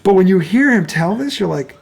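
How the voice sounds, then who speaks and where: A man hosting a sports talk show, telling stories in an excitable, gushing way and swearing freely. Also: high voice, fairly quick, creaky, husky. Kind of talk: casual podcast chat.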